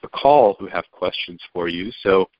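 Man, low voice, call host, easygoing, many fillers, dry lo-fi line. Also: normal speed, no echo. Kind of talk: hosting a conference call. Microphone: phone or conference call.

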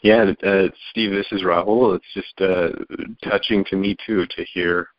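A man's voice: sits low, steady tone, a little slow, no echo, lo-fi sound. A man hosting a conference call, easygoing and full of fillers. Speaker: call host. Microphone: phone or conference call.

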